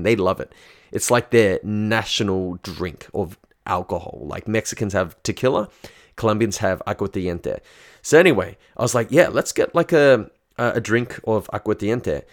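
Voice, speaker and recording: Candid man telling a story. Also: fairly low pitch. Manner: candid, frank, swears freely. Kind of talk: casual first-person storytelling.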